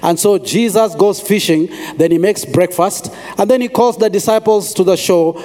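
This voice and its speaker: A man preaches a sermon, his voice pitched high for a man. He pauses often and repeats phrases to drive a point home. The sound carries a long reverb from a large hall. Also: darkish tone. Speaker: pastor.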